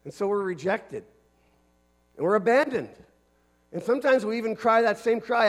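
A man's voice: sits high, lively intonation, normal speed, pauses often. A pastor from Canada preaching a sermon to his congregation, earnest and emphatic, leaning on repetition.

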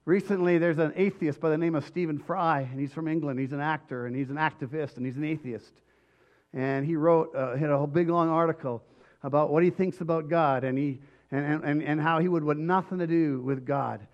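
Man, pastor, sermon, slightly hoarse voice, a bit high, emphatic with restarts, dull lo-fi recording. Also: fairly even intonation, fairly quick. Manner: emphatic preaching with repeated restarts. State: voice going hoarse.

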